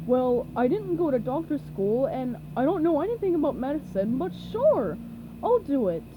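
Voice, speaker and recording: A woman voicing a dim-witted, boisterous male starfish in a storybook reading, loud, dopey and drawn-out. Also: high-pitched, sing-song, narrow, tinny audio, background noise. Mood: confident.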